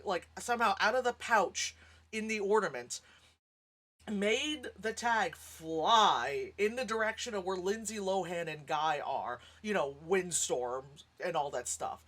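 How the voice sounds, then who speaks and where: A woman's voice: mid-range voice, a little slow. A woman giving a casual, frank movie reaction, laughing often and acting out sounds as she talks. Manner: animated, laughs often, acts out sounds and lines. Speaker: movie reviewer.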